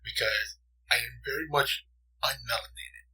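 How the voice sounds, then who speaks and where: A man co-hosting a casual movie podcast, energetic and rambling, who likes to act out lines in silly accents. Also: mid-range voice, normal speed, husky, rough recording. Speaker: podcast co-host. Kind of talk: casual chat.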